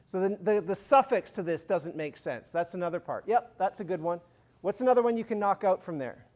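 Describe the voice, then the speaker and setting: A man's voice: high-pitched, animated, brisk, darkish tone. A man giving a university chemistry lecture in a conversational way, quizzing the class with review questions and adding informal, humorous asides.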